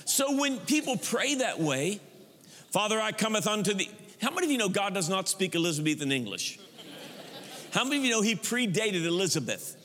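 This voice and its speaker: A man preaching a sermon as pastor, animated, now and then mocking stiff churchy prayer voices. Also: sits high, brisk, big-room sound.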